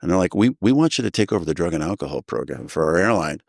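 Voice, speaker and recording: A middle-aged man tells a long personal story in a low, close, dry voice. He is animated and jumps into the voices of the people he quotes. It sounds like relaxed conversation rather than a prepared talk. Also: fast, creaky, dry recording. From New Jersey. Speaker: guest sharing recovery story. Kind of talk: casual storytelling.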